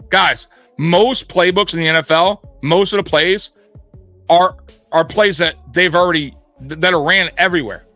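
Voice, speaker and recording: A man with a high, bright voice rants about football as a show host, blunt and profane. He sounds close and dry on the mic. Faint music plays underneath. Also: normal speed, dry recording. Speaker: sports podcast host. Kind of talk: heated sports rant.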